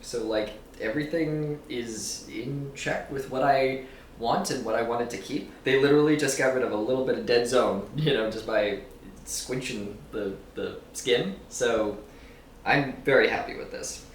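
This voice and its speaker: A man's voice: mid-range voice, measured pace, distant mic, a little hiss or hum. A man vlogging in casual chat, rambling loosely, swearing and laughing often. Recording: roomy echo, a bit off-mic, faint ambience.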